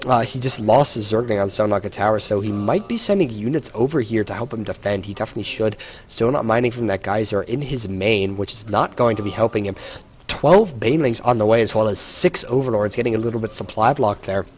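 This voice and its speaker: A man's voice: lowish voice, a little fast. A tired man giving solo play-by-play commentary on a strategy game, explaining the action with some hesitations. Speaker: esports caster.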